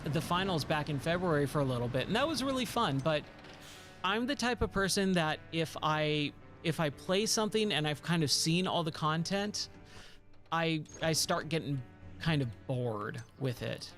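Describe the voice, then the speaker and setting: A tired, hoarse man chatting casually while live-streaming a game, rambling and repeating words. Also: fairly high pitch, animated, normal speed, a bit bright, soft background music.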